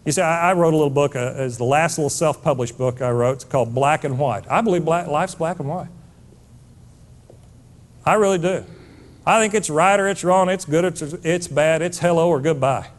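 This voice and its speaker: A middle-aged man giving a live motivational talk, emphatic and preachy, building to near-shouts. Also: fairly high pitch, a little fast. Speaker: motivational speaker.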